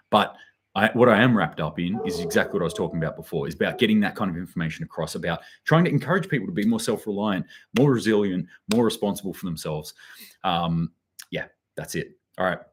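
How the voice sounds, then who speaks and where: Low-voiced man rambling through news commentary. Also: breathy edge. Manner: rambling, many fillers and restarts, reads out chat comments. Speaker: host.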